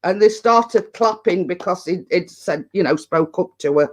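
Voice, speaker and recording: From her home, a woman with a lowish voice hosts a casual live chat stream at a normal pace. She tells rambling anecdotes and laughs frequently.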